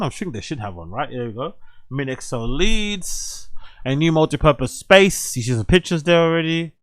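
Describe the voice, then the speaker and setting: A young adult man hosting a show, reading news aloud and reacting with excited, swearing asides. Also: medium pitch, dry recording. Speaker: host.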